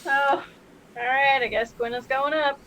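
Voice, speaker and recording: A woman's voice: high voice, fairly even intonation, measured pace, fairly bright tone, slight background noise. A woman playing a tabletop game, describing what her character does. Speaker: player.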